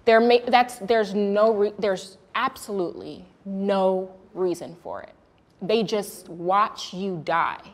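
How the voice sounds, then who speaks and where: A woman's voice: medium pitch, slow pace. A woman hosting a candid panel talk, telling a personal story in an earnest way and acting out the voices of the people in it. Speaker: host.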